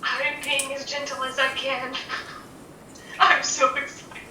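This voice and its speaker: A woman's voice: high-pitched, slow, exaggerated voice. A woman doing a jittery little winged creature. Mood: eager. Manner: stammering, excitable. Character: small winged male creature, eager and jittery. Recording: roomy, distant mic, faint noise.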